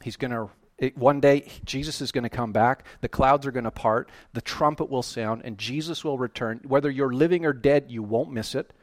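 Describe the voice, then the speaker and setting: A man preaching a sermon, animated and emphatic, often rising to loud, excited peaks. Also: mid-range voice, normal speed, few pauses, dry recording, clean studio sound. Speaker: pastor.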